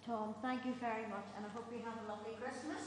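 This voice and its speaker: A woman's voice: on the high side, fairly even intonation, fast. Woman, informal thanks, echoey noisy hall. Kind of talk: thank-you speech.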